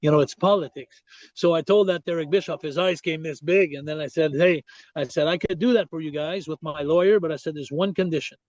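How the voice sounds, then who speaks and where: A man's voice: fairly high pitch, brisk, no echo. Older Québécois man telling a story. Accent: Québécois French. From Quebec, Canada. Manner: animated storyteller, many restarts and "I said". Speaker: guest. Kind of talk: storytelling interview. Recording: dull, lo-fi dry sound.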